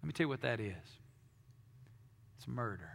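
Male pastor, mid-pitched, dynamic sermon delivery with long sanctuary reverb. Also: animated, normal speed, vocal fry. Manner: dynamic preaching, drops to hushed tones then swells loud. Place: church sanctuary.

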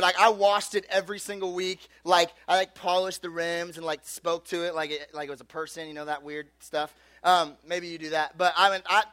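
A man with a high voice tells a story within a sermon, animated and loose, full of fillers, and he acts out the people he quotes. There's no room sound at all.

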